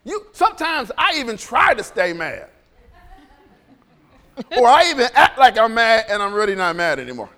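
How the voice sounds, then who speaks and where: A man preaching a sermon in a church, animated and joking, often laughing as he talks. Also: extremely high pitch, moderate pace, long pauses, in a large hall. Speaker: pastor.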